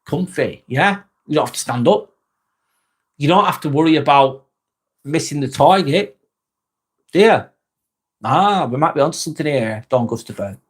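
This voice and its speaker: A man from England hosts a casual live chat, reading viewer comments aloud and answering them bluntly and jokily while swearing freely and chuckling often. His voice is a little high and husky, animated, at a normal speed with long pauses.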